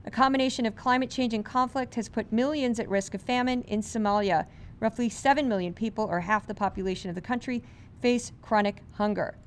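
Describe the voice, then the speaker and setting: Brisk sarcastic woman podcast host. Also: a little high, a little hiss or hum. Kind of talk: media commentary podcast.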